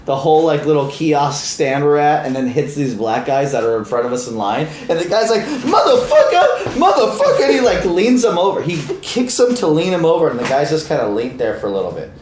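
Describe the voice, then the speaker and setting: A man co-hosting a podcast, telling a story in a casual, animated way, swearing freely and acting out the people in it. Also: fairly high pitch, brisk, few pauses. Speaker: podcast co-host. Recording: roomy with faint noise.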